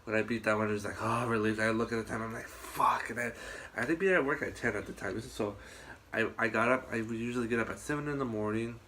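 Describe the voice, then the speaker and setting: A man chatting casually on a podcast, telling rambling, animated stories and swearing often. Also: on the low side, fast talker, a little hiss or hum. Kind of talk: casual chat.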